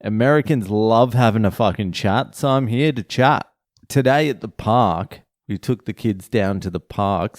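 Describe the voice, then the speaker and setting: A man's voice: sits low, a little mellow, no room sound, clean studio sound. An Australian man, a comedian, telling rambling, profane stories in a solo chat. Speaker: comedian and podcast host.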